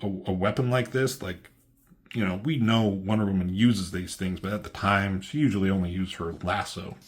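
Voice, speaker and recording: A man's voice: sits low, fairly even intonation, moderate pace. A man giving a loose, profane, filler-heavy walkthrough of a comic book issue as its reviewer.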